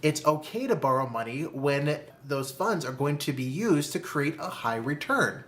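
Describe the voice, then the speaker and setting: A personal finance video host speaks to camera in a mid-range, sing-song, slightly bright voice, with a little hiss or hum on the recording. Giving a motivational talk about money, the host calls the listener "my friend," asks rhetorical questions, and slowly, deliberately stresses key phrases.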